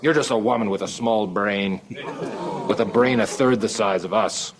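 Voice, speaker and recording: A man's voice: fairly low pitch, moderate pace, lightly acted. An actor playing a boastful man who blusters indignantly in an argument, from a distant played clip. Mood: blustering. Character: boastful man arguing with a woman.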